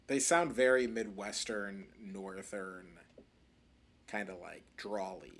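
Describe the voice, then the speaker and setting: A man co-hosting a film podcast, relaxed and casual, his sentences often trailing off. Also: lowish voice, takes it slowly. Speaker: podcast co-host.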